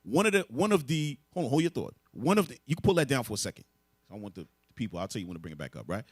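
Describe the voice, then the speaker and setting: Very animated and racing along, this man teaches a religious lesson to a group with emphasis, firing off rhetorical questions and answering them himself. He has a medium-pitched voice with a breathy edge, and there's no room sound.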